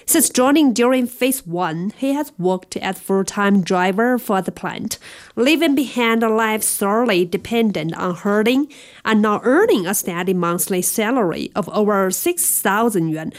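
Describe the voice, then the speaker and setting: A woman reading a scripted radio news report in an even, measured way. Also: medium pitch. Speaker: news reader.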